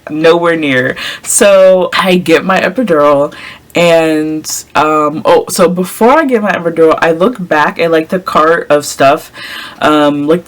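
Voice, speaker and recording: A young woman vlogger telling a casual storytime, chatty, with many ums and likes and frequent laughs. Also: lowish voice.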